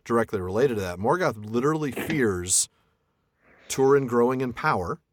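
A man's voice: mid-range voice, lively intonation, normal speed, a little hiss or hum. A man co-hosting a podcast in a casual book discussion, thinking aloud and reading quotes with frequent restarts. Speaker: podcast co-host.

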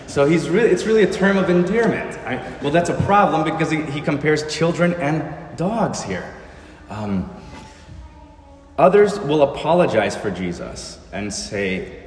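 A man's voice: mid-range voice, expressive, normal speed. A male pastor delivers an earnest sermon and leans on rhetorical questions. His voice rings through a roomy church with a long reverb tail, and a faint hum of ambience sits underneath.

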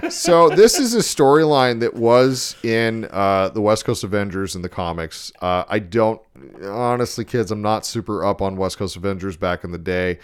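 A man co-hosting a podcast, chatting casually and rambling with plenty of swearing and chuckling. His voice sits low. He talks into a studio microphone. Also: moderate pace, hardly any pauses, clear, resonant tone. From Minnesota. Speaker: podcast co-host. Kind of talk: casual chat.

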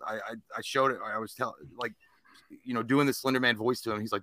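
Guest man, rapid profane rambler, bright dry voice. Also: on the low side, fairly even intonation, no echo. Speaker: podcast guest. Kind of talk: casual chat.

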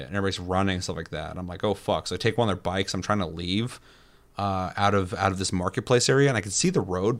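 A man with a lowish voice tells a rambling, profane story about a video game in relaxed conversation. He speaks casually, with bursts of excitement and frequent swearing. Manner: animated storytelling, heavy swearing. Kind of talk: casual gaming chat.

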